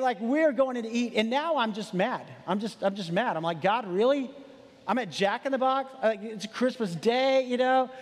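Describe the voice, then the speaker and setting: A man telling a personal story in a sermon, animated and repeating his words as he starts sentences. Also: high-pitched. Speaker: pastor. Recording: hall reverb.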